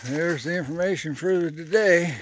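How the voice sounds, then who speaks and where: A man hiking a forest trail, narrating in a folksy, unhurried way as he thinks aloud, getting out of breath on the climbs. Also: a little high. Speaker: hiker vlogger. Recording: outdoor trail noise.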